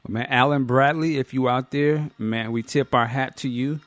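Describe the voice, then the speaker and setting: Chatty American podcast host. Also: male voice, mid-range voice, steady tone, normal speed, a bit bright, no echo. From United States. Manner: chatty, rambling with many fillers. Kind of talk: casual chat.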